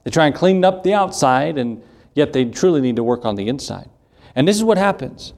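A man's voice: mid-range voice, expressive, a little fast, vocal fry, darkish tone. A middle-aged man, the pastor, preaching an earnest evening sermon that repeats key lines and quotes Scripture, with homely asides.

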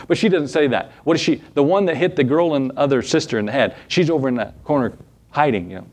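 A man's voice: medium pitch, expressive, a little fast. A man, a preacher in his thirties, giving a conversational sermon with scripture readings, folksy and full of rhetorical questions and chuckles.

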